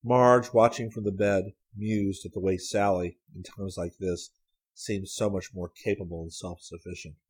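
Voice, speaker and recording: A man reading a story aloud as an audiobook narrator, in a measured, even storytelling manner. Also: low voice, slightly rough. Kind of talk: scripted narration.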